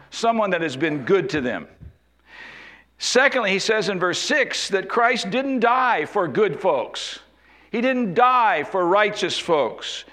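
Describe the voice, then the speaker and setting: A man preaching an expository sermon, slowing down and dropping his voice low to stress key points. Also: a bit bright. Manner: expository preaching, slows and drops low for emphasis. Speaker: pastor.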